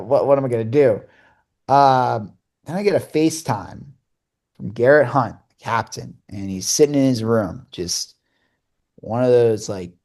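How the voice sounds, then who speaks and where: A man's voice: mid-range voice, darkish tone. A young man co-hosting a podcast and telling a casual story, rambling with many fillers and restarts and acting out the dialogue. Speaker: podcast co-host and hockey broadcaster.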